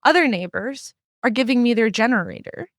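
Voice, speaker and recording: A woman's voice: fairly high pitch, expressive, brisk, no room sound, studio quality. A middle-aged woman talking candidly as a guest writer, telling stories and acting out what people said to her. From not from the Midwest. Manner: candid storyteller who acts out quoted exchanges. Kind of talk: casual podcast conversation.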